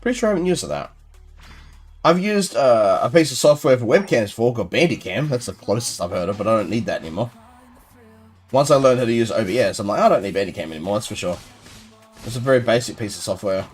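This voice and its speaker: A man's voice: medium pitch, expressive, quick pace, slightly rough, faint music behind. A young man chatting casually with his viewers while playing a game live, rambling and playful as he answers chat. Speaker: gaming streamer.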